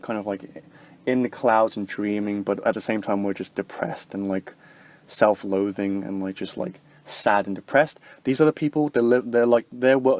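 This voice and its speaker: A man's voice: mid-range voice, no room sound. A young man vlogging in a casual, rambling way, with constant filler words and frequent swearing. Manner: rambling, heavy filler words, profane, animated quoting.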